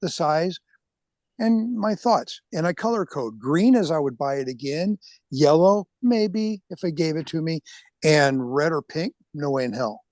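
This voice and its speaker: A man's voice: fairly high pitch, animated, a little slow, a little mellow, no echo. An older man chatting as a podcast guest, blunt and enthusiastic, swearing casually. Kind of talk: casual chat.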